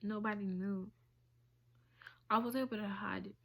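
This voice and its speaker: A woman talking in a halting, emotional way on a personal confessional vlog, often dropping to a whisper. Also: medium pitch, fairly even intonation, gravelly. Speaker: vlogger.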